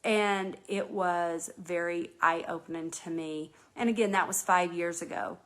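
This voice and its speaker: A woman's voice: on the low side, steady tone, unhurried. A woman from North Carolina hosting a casual live chat, talking earnestly and rambling with many restarts and fillers. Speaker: host.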